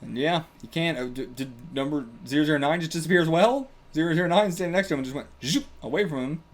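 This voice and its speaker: Excitable young man reacting to manga. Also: on the high side, quick pace. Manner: excitable, swears, laughs, puts on brief character lines. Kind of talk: casual reading reaction.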